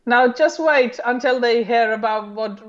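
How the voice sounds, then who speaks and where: A man from the UK holds forth in a casual political chat with heavy sarcasm. His speech is slow and drawn out, and his voice comes through a muffled, lo-fi recording. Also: very high-pitched. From United Kingdom. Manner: sarcastic, animated. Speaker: co-host. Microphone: headphones and desk mic. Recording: dull lo-fi sound.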